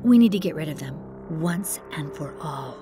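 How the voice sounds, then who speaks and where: A woman voicing a cruel, scheming stepmother in a children's storybook reading, bossy and harsh, dropping low when she plots. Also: animated, normal speed, music in the background.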